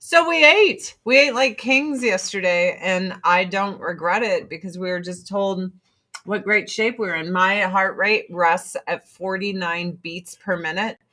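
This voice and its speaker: A woman's voice: medium pitch, slow pace, sharp tone. A middle-aged woman chatting casually to camera as a vlogger, laughing often.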